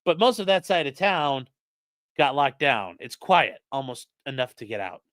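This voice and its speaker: A man voicing a young male shooter in a put-on French accent, in a low, hushed and mocking way. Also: very animated, normal speed, dry recording.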